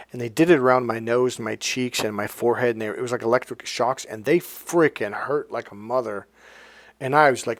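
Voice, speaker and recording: A man's voice: medium pitch, no room sound. A man, a life coach, telling a personal story in a rambling, blunt, casual way, swearing now and then.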